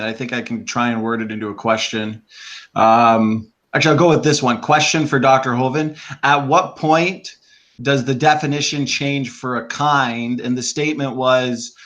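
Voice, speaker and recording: A man's voice: mid-range voice, a bit bright. A man moderating a debate, reading out audience questions in a casual, hesitant way.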